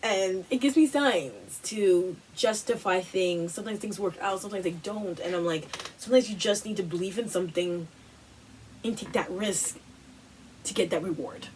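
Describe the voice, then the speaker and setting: A woman's voice: medium pitch, moderate pace. Woman doing a chatty wellness pep talk, loops back on herself a lot, kinda far from the mic, light hiss in the room. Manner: animated, repetitive, lots of "like" and "you know". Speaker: host of a wellness workshop. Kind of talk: casual motivational talk.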